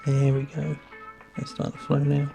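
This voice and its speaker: A man's voice: on the high side, completely flat delivery, unhurried, vocal fry, dark tone, faint music behind. A man explaining motorbike wiring and soldering step by step. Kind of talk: instructional workshop talk.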